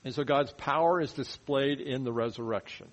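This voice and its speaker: A man teaching verse by verse through a Bible passage in a conversational sermon, often dropping his voice low to stress a point. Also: normal speed, muffled recording. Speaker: pastor. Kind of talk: expository sermon.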